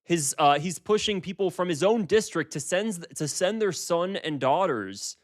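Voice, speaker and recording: A man's voice: high voice, lively intonation, measured pace. A man in his twenties giving casual political commentary, emphatic and repeating himself with frequent restarts. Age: 20s.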